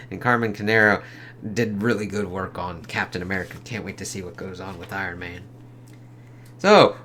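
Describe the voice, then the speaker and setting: A man with a fairly low voice talks through a comic book page by page. His delivery is casual and rambling, full of swearing and excited reactions. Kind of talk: casual review.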